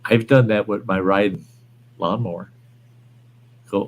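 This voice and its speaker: A man's voice: on the low side, unhurried, a little hiss or hum. A man hosting a livestream, chatting casually, rambling and reading viewer comments aloud. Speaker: livestream host. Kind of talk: casual chat.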